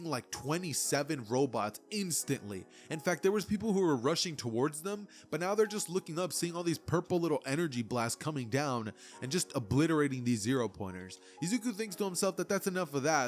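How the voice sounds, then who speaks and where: A young man narrates a fan story in a loose, rambling way, filling gaps with casual fillers. His voice sits a little high. Faint music plays behind him. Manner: rambling, many fillers like "like" and "you know". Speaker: YouTuber.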